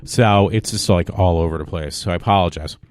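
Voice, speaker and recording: A man's voice: low voice, a little fast, darkish tone, no room sound. A man hosting his own show, rambling and apologetic, tired after a long day, talking casually to viewers. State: exhausted. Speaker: vlog host. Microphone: home mic.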